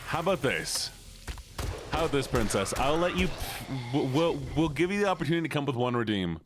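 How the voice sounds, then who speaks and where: A man's voice: a little high, a little fast. A man hosting a live gaming stream in casual, teasing chat, laughing often and talking to his viewers. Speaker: streamer and host. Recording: steady background noise.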